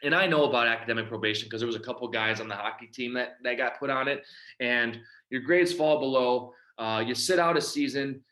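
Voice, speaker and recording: Bright-voiced man telling his recovery story. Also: medium pitch, a little fast. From Michigan. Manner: storytelling, acts out quoted dialogue. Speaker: recovery speaker. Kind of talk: personal testimony talk.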